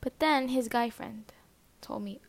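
A young woman with a fairly high voice tells a personal story in a loose, casual way. She swears a lot, fills gaps with fillers, and often sinks into a hushed whisper. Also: a little slow, gravelly.

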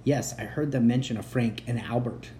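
A man voicing a friendly, eager young dragon in a soft, low, hushed way. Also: normal speed, a little hiss or hum, close to an everyday voice.

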